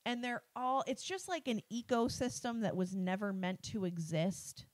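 A woman's voice: mid-range voice, normal speed, dry recording. A woman guest on a podcast, chatting casually and telling a story, laughing often. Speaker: podcast guest, hospital teacher.

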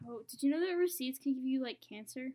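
A woman from Texas in a casual podcast chat, playful and unsure, spelling words out slowly. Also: sits high, lively intonation, warm tone. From Texas, USA. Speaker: podcast co-host spelling in the bee.

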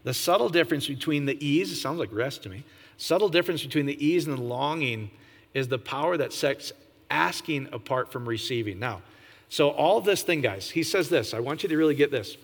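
A man preaching an informal sermon, animated, often jumping to a high, excited pitch and asking his listeners questions. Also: a little fast, long reverb tail. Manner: animated, jumps to high excited pitch, laughs, asks the audience.

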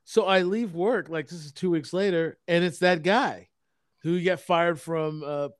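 Profane storytelling man, higher voice. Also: unhurried, dry recording, clean studio sound. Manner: rambling, profane anecdote telling with many restarts. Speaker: storyteller in a podcast chat. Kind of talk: casual chat.

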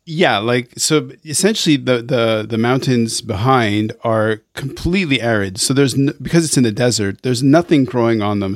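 A man hosting a podcast conversation, describing a photo in slow, searching detail. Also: medium pitch, no room sound, clean studio sound. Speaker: podcast host. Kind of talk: casual conversation.

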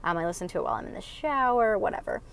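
A woman's voice: mid-range voice, expressive, rapid-fire, vocal fry. A woman telling viewers a rambling personal story in casual chat, with lots of fillers and restarts. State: emotional, choking up. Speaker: podcast listener sharing a story.

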